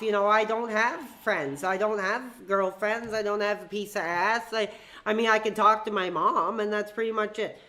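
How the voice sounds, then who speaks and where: A woman's voice: medium pitch, sharp tone. A woman hosting a live stream with fan call-ins, talking in a heated, ranting way with frequent swearing. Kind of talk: live-stream chat with fans.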